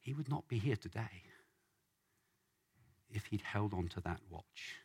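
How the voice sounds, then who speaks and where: A man preaching a sermon as a lively story, acting out the voices of the people in it. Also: lowish voice, measured pace, slightly rough. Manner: animated, acts out voices in the story.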